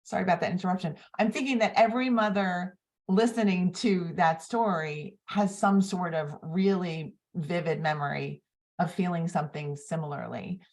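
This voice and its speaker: Woman interview host, low-pitched, thoughtful and hesitant. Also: normal speed. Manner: thoughtful, hesitant with soft fillers. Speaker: podcast host. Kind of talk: interview conversation.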